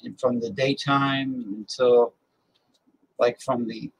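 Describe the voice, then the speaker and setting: A man's voice: mid-range voice, level tone, slow, slightly rough, lo-fi sound. A male host in a casual chat who rambles while giving advice.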